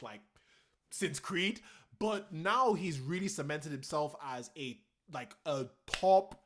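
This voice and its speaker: A young man giving casual, opinionated commentary on his own channel, animated and full of slang. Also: a little high. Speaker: vlogger.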